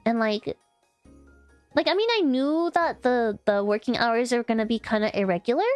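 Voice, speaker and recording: A woman's voice: on the high side, moderate pace, clear, resonant tone, soft background music. A young woman streamer telling a story in casual chat, rambling with lots of fillers and restarts.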